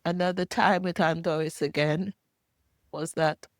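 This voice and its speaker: Older woman from Jamaica, personal testimony, halting and emotional, very slow delivery, dry close sound. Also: lowish voice, fairly even intonation, dry recording. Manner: halting, emotional, pausing often. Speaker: survivor telling her life story.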